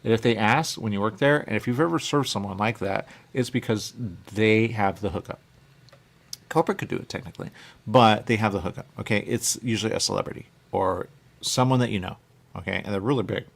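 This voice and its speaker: A man's voice: lowish voice, brisk, creaky. A man hosting a talk radio show, chatting casually in a rambling way and often checking in with "okay?". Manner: chatty, keeps saying "okay?" and "there you go".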